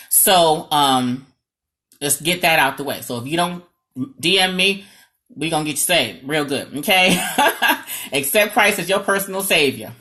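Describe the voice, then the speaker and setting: A New York woman with a matching accent, her voice sitting low, speaks directly to camera as a marriage coach giving advice. She's lively, dramatic and sarcastic, frequently checking in with "okay?"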